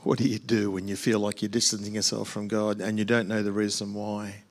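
A man's voice: fairly low pitch, level tone, fairly quick. An older man, a pastor answering questions at a church Q&A in a plainspoken way with dry humorous asides.

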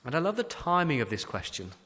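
Preaching with emphasis, a male pastor fires off one rhetorical question after another in a slightly high, fairly bright voice that swings widely in pitch at a fast pace. The sermon rings with long hall reverb.

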